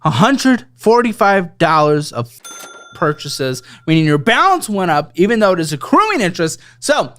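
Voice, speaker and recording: A man's voice: sits high, very animated, normal speed, fairly bright tone. A man hosting a financial advice stream, blunt, profane and exasperated as he audits a caller's spending.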